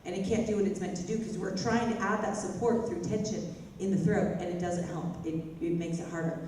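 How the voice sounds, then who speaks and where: A woman's voice: lowish voice, steady tone, brisk, dark tone. A woman vocal coach teaching a worship singing class in a chatty way, breaking into sung phrases to demonstrate. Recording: echoey hall, mic from far off, faint noise.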